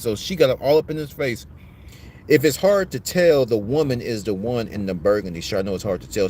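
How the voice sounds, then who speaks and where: A man's voice: mid-range voice, slight background noise. A man hosting a commentary podcast, giving a blunt, profane, preachy rant.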